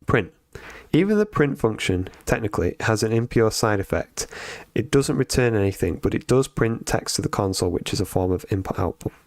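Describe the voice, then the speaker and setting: A man on a live stream reading programming lessons aloud and thinking out loud as he codes, with frequent ums and restarts. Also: lowish voice, big pitch swings, brisk, no room sound. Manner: thinks aloud with many fillers and self-corrections. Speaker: streamer learning to code.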